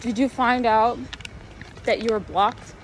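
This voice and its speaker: A young woman vlogger telling a casual storytime rant, animated and exasperated, rambling with many fillers. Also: a little high, slow pace, a little hiss or hum, poor audio.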